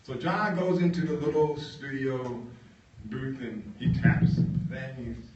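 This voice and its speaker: A man giving a storytelling talk, halting with fillers and leaning hard on key words, heard from a distance in an echoey room. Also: mid-range voice, steady tone, darkish tone, muffled recording. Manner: halting, with many fillers and emphatic stresses. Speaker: guest speaker.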